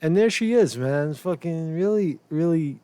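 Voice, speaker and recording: A man's voice: fairly high pitch, expressive, normal speed, warm tone, smooth, no room sound. A man hosting a political commentary show, loose and profane, rambling with frequent restarts. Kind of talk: casual commentary.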